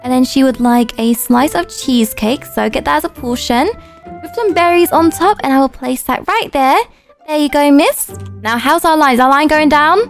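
A young woman, a YouTuber chatting excitedly through a roleplay game, with gasps and playful asides. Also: high-pitched, moderate pace, soft background music. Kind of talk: roleplay gameplay commentary.

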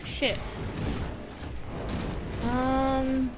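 A woman streaming a game live, excitable and talking to her chat, swearing and laughing often as she plays. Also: high voice, extremely slow, noisy background. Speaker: gaming streamer. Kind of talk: live let's-play commentary.

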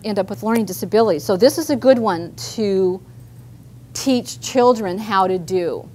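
A woman's voice: on the high side, slight background noise. Chatty woman leading a workshop. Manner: chatty, guiding the group through movements. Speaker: workshop presenter, therapist. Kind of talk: live workshop instruction. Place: meeting room with a group.

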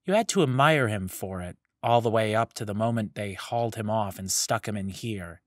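A man's voice: no echo, clean studio sound, lightly acted. A man voicing a small, nervous young male villager who chatters and fires off worried questions in a raised voice. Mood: glum chatty. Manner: high-strung, rapid worried questions.

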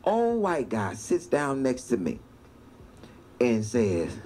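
A man doing stand-up comedy, telling a long story with animated delivery and laughter. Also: medium pitch, slow. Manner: animated, laughing through punchlines. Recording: noisy stand-up clip played back.

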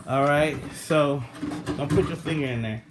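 Fairly high-pitched and moving at a moderate pace, a man vlogs from his home kitchen against a noisy background. He teaches kids to cook in a relaxed, instructional way, patiently coaxing them and calling out directions step by step.

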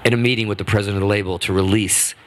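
A man being interviewed as a guest musician on a radio show, telling animated, rambling stories full of restarts. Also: on the low side, rapid-fire. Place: radio studio.

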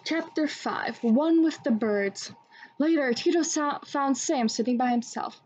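A young woman reading a children's book aloud in a steady storytelling manner. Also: high-pitched, a little slow, husky. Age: young adult. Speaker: student volunteer reader. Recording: dull lo-fi recording.

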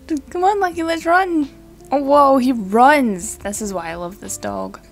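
A young woman giving casual, excitable commentary while playing a video game, giggling and swearing now and then. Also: high voice, unhurried, soft background music. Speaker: let's play gamer.

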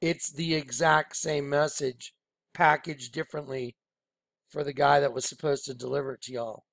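A man leading an informal screen-share Bible study, excited and rambling, often telling listeners to watch. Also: fairly high pitch, moderate pace, vocal fry, no room sound, clean studio sound. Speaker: Bible teacher.

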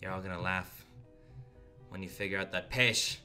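A man's voice: sits low, completely flat delivery, moderate pace, sharp tone, clean tone, soft background music. A man hosting a casual board game over a voice call, playful and theatrical with mock-serious lines. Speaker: game host.

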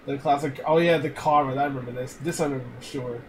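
A man's voice: medium pitch, steady tone, fast, background noise. A man streaming, reacting to old clips in loose casual chat, laughing a lot and swearing freely.

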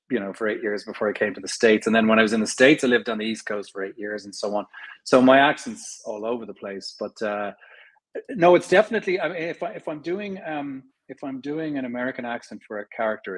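A middle-aged man with an Irish accent, an actor talking as a guest in an interview, thoughtful, pausing with fillers and restarts. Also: mid-range voice, husky, poor audio. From Ireland. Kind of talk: conversational interview.

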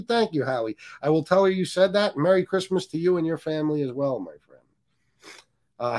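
A man hosting a casual livestream, joking, cursing, and reading viewer comments aloud. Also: fairly high pitch. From US Northeast. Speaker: livestream host.

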